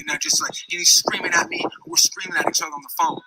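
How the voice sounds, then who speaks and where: A man's voice: high-pitched, very animated, quick pace, background noise. A man telling a long personal story in a casual, heated, rambling way, full of restarts and asides. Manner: heated, rambling, many restarts and "you know what I'm saying". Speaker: storyteller recounting a dispute.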